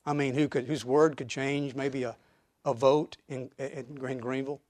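A man preaching a sermon to his church, emphatic, with rhetorical questions and sudden drops to quiet asides. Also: mid-range voice, steady tone, normal speed, no room sound. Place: church auditorium.

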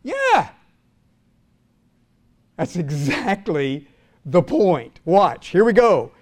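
Older male pastor, high-pitched, dramatic sermon delivery, rises loud and drops to a hush, quizzes the congregation. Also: huge pitch swings, drawn-out words. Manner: dramatic preaching, swinging from loud to hushed; asks the congregation questions.

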